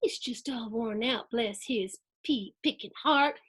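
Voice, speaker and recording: Breathy lady reading to kids. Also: fairly high pitch, measured pace. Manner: animated, sing-song, chatty asides to young listeners. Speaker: host reading a picture book to children. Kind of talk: storybook read-aloud for kids.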